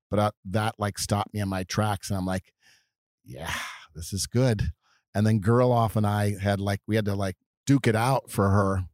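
Rambling, low-voiced middle-aged American man. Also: darkish tone, dry recording, clean studio sound. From California. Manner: rambling, reminiscing, with many fillers. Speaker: father being interviewed by his child. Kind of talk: casual storytelling.

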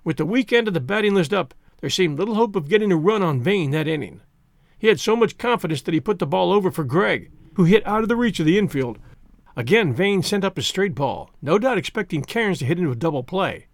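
A man narrates a story in the first person, his voice sitting high and swinging widely in pitch. The reading is expressive and animated. The recording is dry and close. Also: fairly quick, creaky, no room sound. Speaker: audiobook narrator.

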